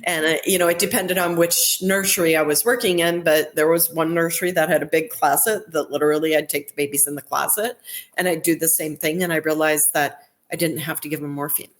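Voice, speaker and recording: Woman guest on a podcast, low-pitched, chatty clinician who tells stories and restarts her sentences. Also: steady tone, brisk. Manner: recounts events with quoted dialogue and restarts. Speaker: neonatal nurse practitioner, podcast guest. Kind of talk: conversational interview storytelling.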